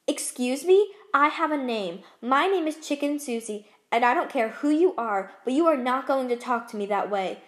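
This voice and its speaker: A woman's voice: high-pitched, expressive, normal speed, hardly any pauses. A woman voicing an eager young hen, the heroine of a storybook. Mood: indignant.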